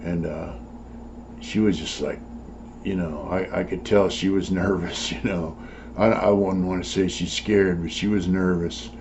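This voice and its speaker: A man's voice: deep voice, steady tone, measured pace. An older man telling his own story casually, blunt and profane, rambling with many fillers. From California. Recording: dull lo-fi sound with faint noise.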